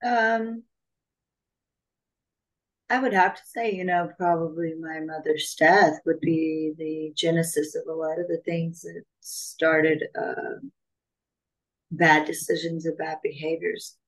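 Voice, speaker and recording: Woman podcast host, lowish voice, slow to start, lots of "um", reflective. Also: little pitch movement, poor audio. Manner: thoughtful, hesitant, starts with "um".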